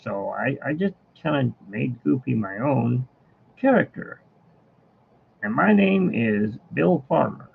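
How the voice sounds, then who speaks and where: A man doing an impression of a goofy-voiced male voice actor, talking in a folksy drawl that jumps into high yelps. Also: creaky, slight background noise, full character voice. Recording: tinny phone-like sound.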